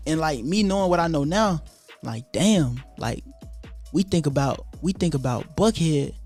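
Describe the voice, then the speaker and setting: Animated young man, slangy storytelling. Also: fairly high pitch, moderate pace, soft background music. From Atlanta, USA. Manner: animated, profane street slang, acts out quoted voices. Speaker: YouTuber telling his story. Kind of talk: casual storytelling monologue.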